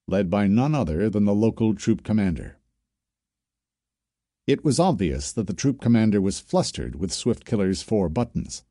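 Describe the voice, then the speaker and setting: A man narrating a science-fiction story as an audiobook, telling it steadily with expressive shifts. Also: lowish voice, no echo, studio quality.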